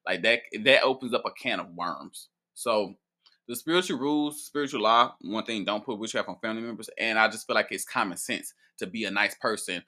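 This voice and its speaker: A man speaking as a priest answering viewer questions in casual, profane chat, playful and animated with frequent laughs and restarts. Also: on the low side, a little fast.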